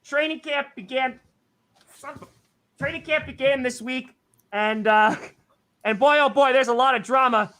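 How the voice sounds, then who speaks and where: A breathless man with a high, light voice hosts a loose sports chat while sweating inside a costume. He stumbles through restarts and pokes fun at himself. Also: normal speed, long pauses, bright, forceful tone. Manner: rambling, self-mocking, stammering restarts. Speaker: podcast host.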